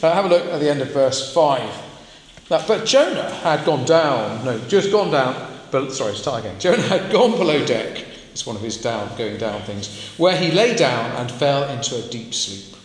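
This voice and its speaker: A man's voice: medium pitch, sing-song, moderate pace, slight background noise. A man preaching a sermon to a congregation, talking in a conversational way and putting questions to his listeners. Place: church hall. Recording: echoey hall, faint ambience.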